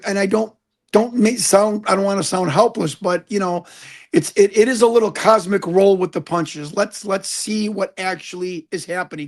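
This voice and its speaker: High-voiced earnest man preaching hope. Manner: earnest, preachy, repeats words when stuck. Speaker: guest, UFO investigator. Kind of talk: conversational interview.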